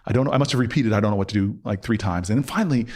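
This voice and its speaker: A man's voice: on the low side, rapid-fire, a little mellow. A man in his forties telling a personal story in a casual interview, acting out both sides of the argument. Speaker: podcast guest.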